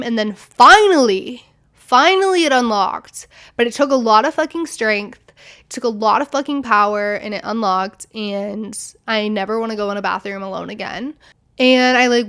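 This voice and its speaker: A young woman hosting a podcast, telling a story in a casual, animated way, with constant "like" fillers and frequent swearing. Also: fairly high pitch, moderate pace. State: recovering from an illness. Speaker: podcast host.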